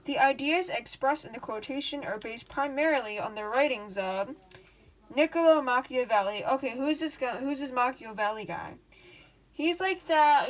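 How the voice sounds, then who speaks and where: A bubbly woman with a slightly high voice talks through study questions, rambling and restarting as she goes. She gets gushingly excited, slips into slang and the odd swear, and keeps the tone loose and chatty. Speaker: student tutor. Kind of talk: casual study-guide talk.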